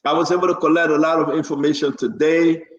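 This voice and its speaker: A man's voice: on the high side, fairly even intonation, fast, echoey room, highs cut off, a little hiss or hum. A man hosting a live talk show and greeting viewers by name, stumbling over hard names as he reads them out. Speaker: show host and preacher. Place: New Jersey area.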